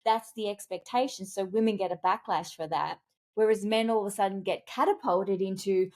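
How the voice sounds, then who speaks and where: A woman speaking as a communications expert and executive coach in a podcast interview, telling stories in an animated, emphatic way with big leaps in pitch. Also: normal speed. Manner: animated, emphatic storytelling with wide pitch jumps.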